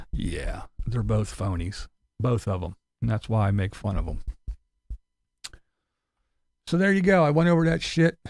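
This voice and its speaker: A man with a gravelly, rough-edged voice talks through a casual commentary vlog. His pitch swings in a lively way as he mocks bluntly and swears without holding back. The sound is dry and close. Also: measured pace, pauses often, dry recording. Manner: mocking, blunt, swears a lot. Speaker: commentary channel host.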